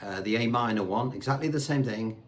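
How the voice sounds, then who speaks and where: A guitar teacher with a medium-pitched voice gives a casual lesson a little fast, chatting freely and asking rhetorical questions. Faint guitar and backing tracks play in the background.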